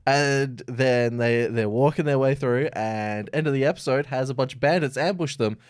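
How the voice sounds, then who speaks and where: A man's voice: mid-range voice, moderate pace, clear, resonant tone, no room sound, clean studio sound. A man co-hosting a casual podcast, retelling an episode in a rambling, filler-heavy way. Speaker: podcast co-host. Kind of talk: casual chat, animated retelling.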